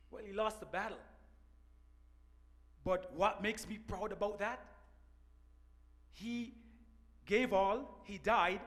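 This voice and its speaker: A man with a high-pitched voice telling a heartfelt story to a large audience. He speaks earnestly, like a seasoned sergeant, and sometimes sinks almost to a murmur. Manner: earnest storyteller, drops to a hushed voice at emotional points. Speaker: Air Force first sergeant, panelist. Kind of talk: personal story told to an audience. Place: large auditorium.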